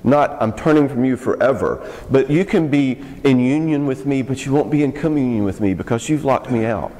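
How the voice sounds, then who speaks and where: Male teacher, frank and wry, mid-pitched, in a hall with long reverb. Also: dark tone, a little hiss or hum. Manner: frank, joking, quick asides. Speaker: speaker teaching youth workers. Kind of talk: casual teaching talk.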